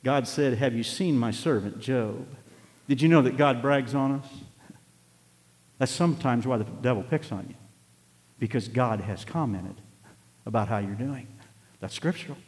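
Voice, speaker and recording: An older man preaching a sermon, telling folksy stories and rising into loud, emphatic passages. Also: mid-range voice, normal speed, pauses often. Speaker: pastor. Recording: long hall reverb.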